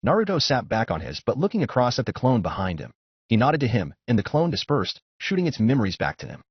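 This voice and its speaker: A man narrating a fan fiction story in a steady, descriptive audiobook style, on a dull lo-fi recording. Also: mid-range voice, fast, husky, dry recording. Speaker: fanfiction narrator.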